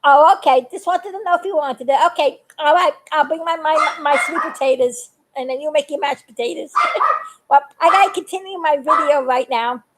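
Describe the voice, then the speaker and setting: A woman's voice: high voice, a little fast, slight background noise, poor audio. An older woman chatting on a live video, talkative and earnest, laughing often as she gives warnings. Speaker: vlogger. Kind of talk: casual live video chat.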